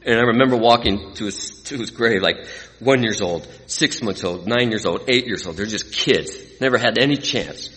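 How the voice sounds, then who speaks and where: A low-voiced, forceful middle-aged man from California tells his recovery story to a live audience. He is earnest and emotional, dropping to a hush and then lifting again. His voice rings with the long reverb of a large hall. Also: moderate pace. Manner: earnest, emotional, swings from hushed to lively. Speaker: recovery speaker. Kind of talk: personal testimony to an audience.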